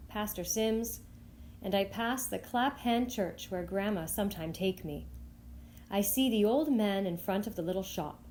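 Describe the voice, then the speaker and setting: A woman reading a picture book aloud for young children at storytime, voicing the young narrator with bright, lifted lines. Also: slight background noise. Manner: expressive, lifting high for the child's voice. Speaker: storytime reader.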